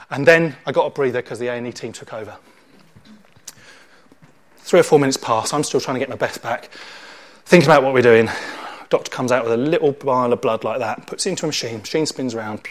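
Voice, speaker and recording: A man preaching a sermon and telling a dramatic story, acting out the scenes as he goes. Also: mid-range voice. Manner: animated storyteller, acts out scenes.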